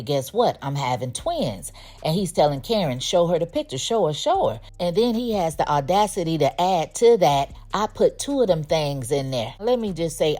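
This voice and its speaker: A woman's voice: low voice, darkish tone. A woman hosting her own channel, giving a candid, opinionated recap of a TV episode in a chatty way. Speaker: host.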